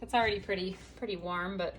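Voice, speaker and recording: A woman's voice: medium pitch, fairly even intonation, fast talker, fairly bright tone, slight background noise. A woman hosting a casual home cooking video, chatty and bubbly with playful asides, in her home kitchen.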